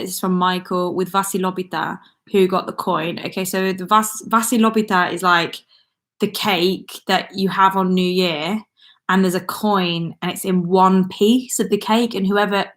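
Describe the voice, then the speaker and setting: A woman's voice: mid-range voice, fairly bright tone. A young woman chatting casually on her livestream, reading out viewer comments and rambling with frequent ums and little laughs. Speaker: YouTuber hosting a livestream. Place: indoors at home with a laptop.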